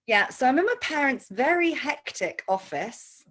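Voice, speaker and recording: A woman's voice: high voice, sing-song, normal speed, fairly bright tone. An upbeat, self-deprecating woman hosting a live-streamed interview over a video call from an office. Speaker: host. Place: farm office indoors.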